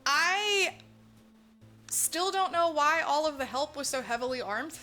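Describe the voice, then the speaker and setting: A woman co-hosting a podcast, telling a film's plot in loose, profane chat. Her voice sits a bit high and rings bright and forceful, and she slips in quick impressions of the characters. Faint music runs behind her. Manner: animated, profane storytelling, mimics characters. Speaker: podcast co-host. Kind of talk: casual movie recap chat.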